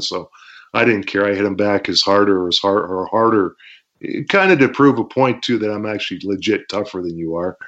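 A former pro wrestler telling war stories in an interview, acting out shouts and crowd noises and laughing between lines. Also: male voice, fairly low pitch. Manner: animated storytelling, acts out shouts and crowd noises, laughs often. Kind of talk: storytelling interview. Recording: dull lo-fi sound.

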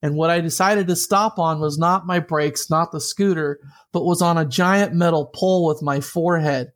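A man and interview guest, telling a personal story in an animated way, often laughing and acting out the voices of others. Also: a little high, moderate pace. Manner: lively, laughing, acts out quoted voices.

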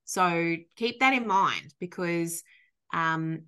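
Bright-voiced Australian woman telling stories. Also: lowish voice, slow, smooth. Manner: animated storytelling, frequent laughter, loose swearing. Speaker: podcast co-host and dog trainer. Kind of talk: casual chat.

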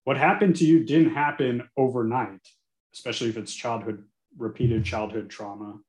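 A man's voice: mid-range voice, normal speed. A man in his forties, a guest speaking frankly and earnestly in an interview. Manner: earnest, frank and animated, sometimes cursing. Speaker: guest, attorney. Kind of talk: candid podcast interview. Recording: echoey room.

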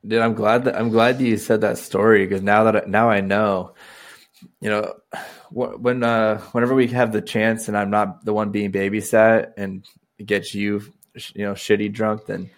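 A man's voice: fairly low pitch, level tone, moderate pace. A man co-hosting a podcast, chatting casually in a teasing, profane way with frequent restarts. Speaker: podcast co-host.

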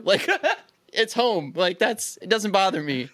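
A young man from Philadelphia, a podcast co-host, telling stories in animated, casual chat, laughing often and swearing freely. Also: high-pitched, moderate pace, no room sound.

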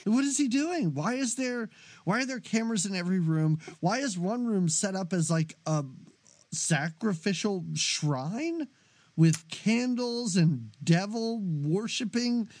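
A man's voice: high-pitched, unhurried. A man co-hosting a movie podcast, chatting casually and joking with frequent laughs. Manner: animated, jokey, laughs often. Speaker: podcast co-host.

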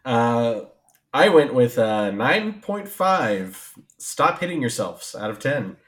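A man's voice: medium pitch, very animated, slow, fairly bright tone. A man co-hosting a casual podcast, easygoing and agreeable.

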